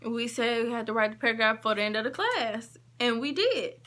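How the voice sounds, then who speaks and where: A woman vlogger telling a story in a casual, emphatic way, acting out what people said and shifting between quick and drawn-out phrases. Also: a little high. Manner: emphatic, animated retelling with quoted dialogue.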